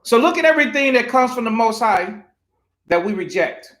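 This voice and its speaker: A man with a high voice preaches through a Bible passage, pressing his points with rhetorical questions and repeated phrases. The sound rings in a roomy, echoey space. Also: animated, normal speed, a bit bright. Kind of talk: preaching scripture study. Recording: roomy echo.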